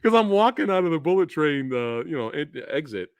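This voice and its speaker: A man's voice: a little high, sing-song, fairly quick, clean tone, no room sound, clean studio sound. A man hosting a casual movie review stream. He rants with a lot of swearing and laughs often. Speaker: host of a movie review channel.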